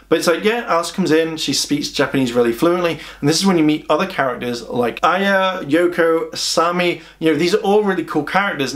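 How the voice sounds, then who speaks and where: A man's voice: fairly high pitch, fairly bright tone. A man giving a casual, chatty video review of an anime, rambling and exasperated with many restarts.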